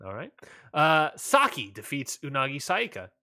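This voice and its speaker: A man co-hosting a casual wrestling podcast, laid-back and rambling, often trailing off quietly at the ends of lines. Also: fairly high pitch, wildly swooping pitch, normal speed. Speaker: podcast co-host.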